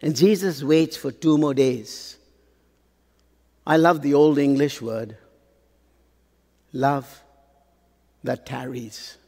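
A man preaching a sermon, pausing for effect and asking the congregation rhetorical questions. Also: mid-range voice, darkish tone. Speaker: pastor. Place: large church hall. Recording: long hall reverb.

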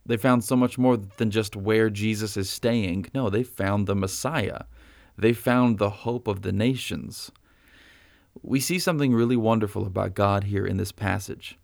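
Man, pastor, sermon, conversational, gravelly, dry sound. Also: on the low side, measured pace, darkish tone, no echo. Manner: conversational preaching, frequent "right?".

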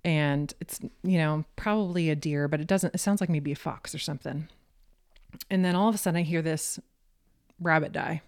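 A woman telling a hunting story in a casual, animated way, full of fillers. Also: low voice, moderate pace, clear, resonant tone. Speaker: podcast guest.

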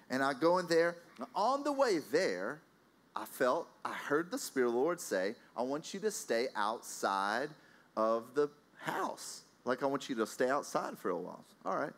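A man preaching a sermon, telling a personal story in an animated, anecdotal way with frequent fillers and restarts. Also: medium pitch.

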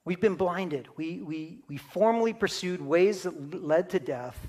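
Pastor guy with a pretty high voice, explaining scripture casually, keeps asking "okay?". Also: a little slow, a little mellow. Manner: teaching, conversational with frequent check-ins. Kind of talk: sermon.

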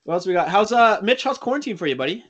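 Joking young man, slightly high voice. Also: very animated, fast talker, fairly bright tone. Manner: loose, joking, swears freely. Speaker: podcast co-host. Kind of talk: casual chat.

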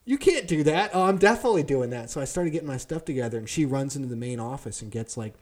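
A young male podcast co-host tells a story in casual chat, profane and animated, acting out the people he quotes. His voice is mid-range and his pace is quick.

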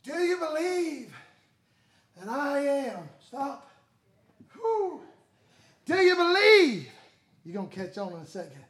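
A pastor preaching a sermon in a church. He calls out to the congregation and breaks into shouts. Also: very high voice, big pitch swings, unhurried, long pauses. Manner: call-and-response preaching with shouted bursts. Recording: echoey church hall.

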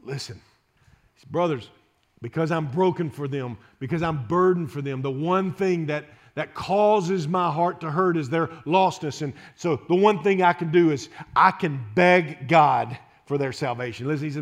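An impassioned preacher in his late thirties, voice pitched a touch high. He pleads and repeats himself, stumbling over restarts as his sermon builds. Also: normal speed. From Louisiana, USA. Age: 30s. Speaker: pastor.

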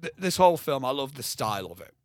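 A young man co-hosting a podcast, talking casually and excitedly about a film, rambling and swearing freely. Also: mid-range voice, quick pace. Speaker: podcast co-host.

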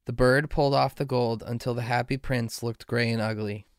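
A man reading a fairy tale aloud in a slow, measured way. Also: mid-range voice, steady tone, dry recording, studio quality. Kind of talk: storybook reading.

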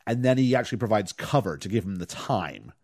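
A man's voice: fairly low pitch, fairly quick, no room sound, clean studio sound. A man hosting a casual podcast chat, retelling film scenes and acting out lines and humming tunes. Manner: animated storyteller, acts out lines and hums tunes. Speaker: podcast host.

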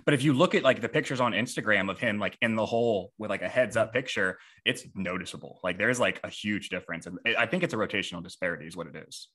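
A man hosting a casual podcast, talking in a relaxed way with many fillers and moving the topics along. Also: fairly low pitch, quick pace, hardly any pauses, breathy edge. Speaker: podcast host.

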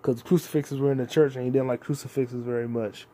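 A man's voice: mid-range voice, fairly even intonation, fast talker, warm tone. A man in his twenties hosting a solo podcast, rambling and free-associating with constant profanity. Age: 20s. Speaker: podcast host. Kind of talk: casual solo podcast chat.

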